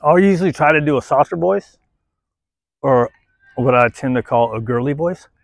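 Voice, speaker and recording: A male dog trainer giving casual, on-the-spot commentary while he works a dog, blunt and quick to swear, tagging his points with "right?" and switching to a high coaxing voice for the dog. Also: animated, creaky, dry recording. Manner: blunt, tags sentences with "right?", swears freely; coaxes the dog in a much higher voice between explanations. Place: outdoors at a playground jungle gym.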